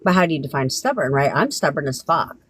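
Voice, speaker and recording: A woman's voice: low-pitched, big pitch swings, fast talker, breathy edge. Blunt, profane woman ranting on a livestream. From Southern California. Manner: blunt, profane, laughing often. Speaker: manifestation coach. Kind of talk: live-stream rant.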